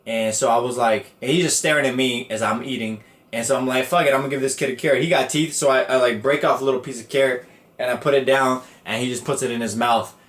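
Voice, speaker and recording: Profane, animated podcast storyteller man. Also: mid-range voice, a little fast. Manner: animated, profane, quotes people in raised voices. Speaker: podcast host. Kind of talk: casual storytelling monologue. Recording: echoey room.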